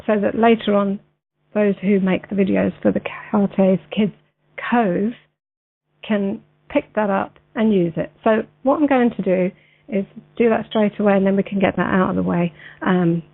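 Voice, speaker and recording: A woman hosting an internet radio show, chatting hesitantly with many fillers and then reading a text slowly. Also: medium pitch, fairly even intonation, gravelly. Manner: hesitant, many ums and uhs. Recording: tinny phone-line sound.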